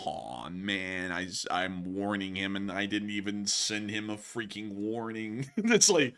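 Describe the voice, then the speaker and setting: A man hosting a casual live stream, excitable and laughing often, with sudden loud exclamations. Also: fairly low pitch, unhurried, smooth. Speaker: livestream host.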